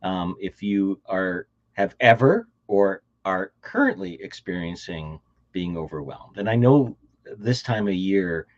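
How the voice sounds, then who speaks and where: Low-voiced Canadian man, rambling co-host. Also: expressive, unhurried, dull audio. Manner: rambling, repeats words and restarts. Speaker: podcast co-host. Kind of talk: casual chat.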